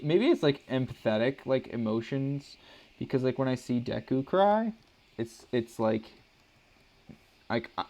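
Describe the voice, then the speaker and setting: A man's voice: medium pitch, gravelly, a little mellow. A young man, a father, chatting casually and rambling with many restarts while he draws on a live stream. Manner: rambling, hesitant, full of restarts and "like". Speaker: artist streaming a drawing session.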